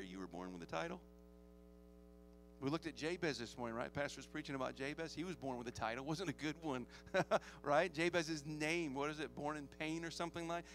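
A man's voice: high voice, fairly bright tone. A man preaching a sermon as pastor, joking often and calling for amens from the congregation.

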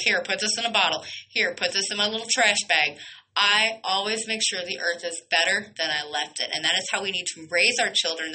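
A woman's voice: mid-range voice, pushed and bright, rough recording. A young woman hosting a radio show, ranting bluntly and heatedly, swearing and firing off rhetorical questions. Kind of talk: heated solo radio rant.

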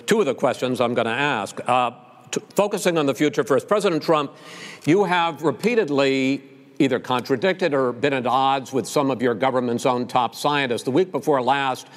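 A man's voice: medium pitch, moderate pace. Firm male moderator in a reverberant hall. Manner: firm, presses with follow-up questions. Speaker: debate moderator. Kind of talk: moderating a televised debate.

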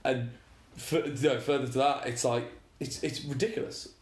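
A man's voice: mid-range voice, steady tone, moderate pace. A young man co-hosting a podcast, chatty and agreeable, swearing casually. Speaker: podcast co-host. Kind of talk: casual chat. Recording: echoey room.

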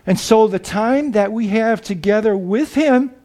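A man delivers a sermon in a high, light voice. He speaks slowly and earnestly, pausing often and restarting his thoughts as he reflects aloud. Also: dark tone. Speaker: preacher.

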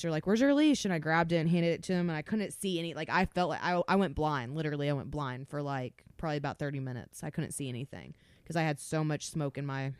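A young woman on a podcast telling a story in an animated way, swearing constantly. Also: sits low, clean tone, no echo. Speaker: podcast co-host. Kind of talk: casual storytelling.

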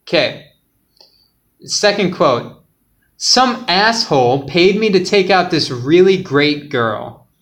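A man with a slightly high voice hosts a casual podcast quiz. He jokes in a laid-back way and sometimes lets his words trail off quietly. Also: lively intonation, slow, long pauses. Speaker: podcast host running a quiz game.

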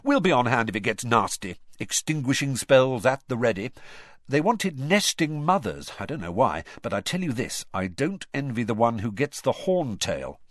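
A man voicing a brisk, practical young male dragon keeper in a storybook reading. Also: mid-range voice, sing-song, dry recording, studio quality. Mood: warning.

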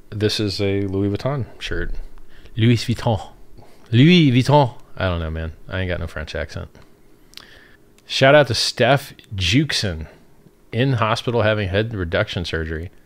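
A man's voice: deep voice, fairly bright tone. A man hosting a livestream, reading chat questions and answering them in a rambling, off-the-cuff way and laughing at his own remarks.

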